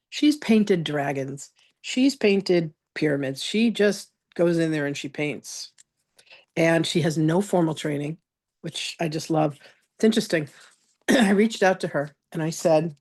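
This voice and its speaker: A woman's voice: low-pitched, normal speed, a little mellow. A woman teaching a live online spiritual masterclass, telling chatty stories and greeting attendees by name.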